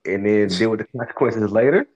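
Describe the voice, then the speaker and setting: A man's voice: fairly low pitch, brisk, a little mellow. A man co-hosting a casual faith talk, musing aloud in rhetorical questions. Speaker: co-host. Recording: dull lo-fi sound.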